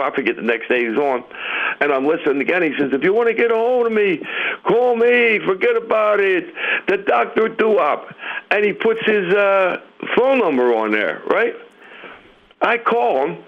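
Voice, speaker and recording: Guy calling in on the phone, kinda high voice, dull lo-fi line, tells stories with lots of quotes. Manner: animated storyteller, acts out quotes. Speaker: caller, musician. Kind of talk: phone-in storytelling.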